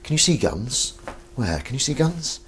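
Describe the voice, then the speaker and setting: A man hosting a casual live stream, joking with his chat and swinging between loud greetings and mumbled asides. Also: mid-range voice, sing-song, moderate pace, slightly rough. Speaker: livestream host.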